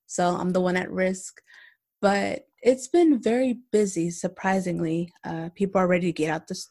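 A woman co-hosting a casual podcast, candid and blunt, telling animated stories from her workday. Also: fairly low pitch, normal speed. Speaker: podcast co-host.

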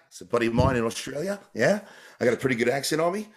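A man's voice: medium pitch, lively intonation, fast. A man from New York, a tap dancer and entertainer, giving a long, earnest, rambling answer in an interview, often restarting his sentences. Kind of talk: reflective casual interview answer.

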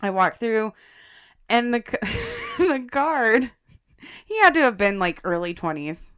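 Her pitch sits fairly high and her tone is clean as this podcast co-host slowly tells a personal story in casual chat. She's animated, often breaks into laughter, and speaks to the audience as "guys."

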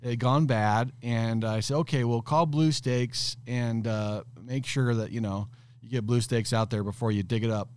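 A middle-aged man who owns a landscaping company, telling an animated, rambling anecdote in a casual podcast interview. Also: mid-range voice, moderate pace, clear, resonant tone, no room sound.

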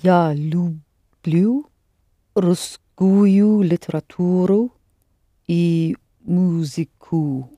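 A woman's voice: lowish voice, extremely slow, warm tone, no room sound. A woman studying Russian, answering carefully word by word in a lesson. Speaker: language student. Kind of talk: language lesson.

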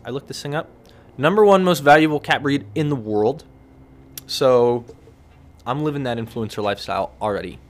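A man's voice: mid-range voice, fairly quick. A man hosting a casual solo podcast, telling stories in a rambling, wry way and acting out what other people said. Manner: rambling, wry storytelling with lively acted-out quotes. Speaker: podcast host. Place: relaxed evening setting with a cigar and beer.

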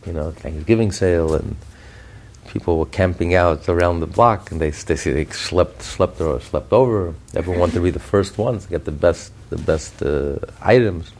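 A man giving a podcast Torah class, telling stories in an animated way with frequent restarts and chuckles. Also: low voice, normal speed. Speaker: Torah teacher.

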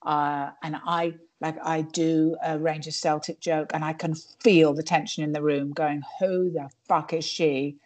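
A woman's voice: low voice, little pitch movement, measured pace, hardly any pauses, darkish tone. A woman stand-up comedian chatting in an interview, digressive and full of restarts. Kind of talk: casual interview chat.

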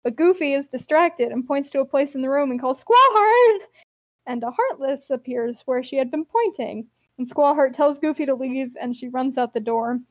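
A woman's voice: high-pitched, normal speed, hardly any pauses, a little mellow, no echo. A young woman hosting, giving a chatty, wry comic recap of a game's plot and laughing often.

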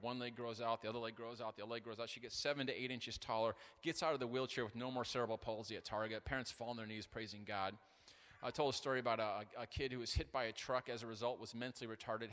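A male pastor with a mid-range voice preaches an animated, story-filled sermon, forceful and bright, often joking at his own expense. He stumbles with fillers and restarts. Long reverb from the large hall follows each phrase.

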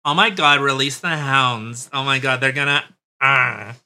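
A man's voice: medium pitch, unhurried, very noisy, close to an everyday voice. A man hamming up a gleeful hound-loosing official. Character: gleeful male official setting hounds loose.

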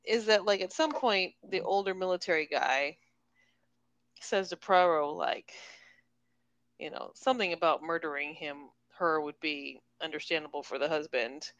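A woman's voice: low-pitched, moderate pace, fairly bright tone, no room sound, lo-fi sound. A woman in casual conversation about a novel, acting out quotes in playful voices. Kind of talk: casual book discussion.

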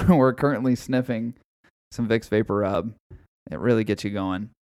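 A man's voice: on the low side, unhurried, a little mellow, clear, resonant tone, no room sound, studio quality. A man hosting a casual podcast, rambling and swearing freely and often breaking into laughter. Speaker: podcast host.

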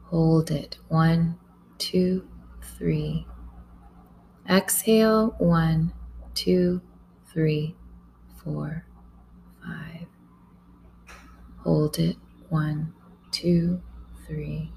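A woman guiding a yoga and breathing session, calm and soft, counting breaths aloud. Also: sits low, very slow, vocal fry, pauses often, slight background noise, poor audio. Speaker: yoga instructor. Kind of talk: guided yoga and breathing instruction.

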